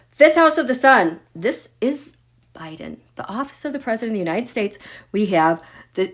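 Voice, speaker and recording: A middle-aged woman hosting a live astrology reading, excitable and gushing, swinging from loud exclaiming to near whispers. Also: mid-range voice, moderate pace. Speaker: astrology and tarot livestream host.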